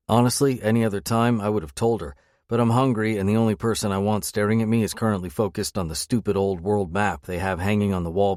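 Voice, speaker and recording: A man's voice: sits low, no room sound, studio quality. A man narrating a first-person romance audiobook with a wry, sardonic edge. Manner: wry, sardonic inner monologue.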